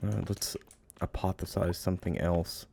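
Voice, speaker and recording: Deep gravelly man playing a game. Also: little pitch movement, normal speed, slight background noise. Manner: playful, coos and baby-talks at game creatures; drifts into hushed, musing narration. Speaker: game streamer. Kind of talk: let's play commentary.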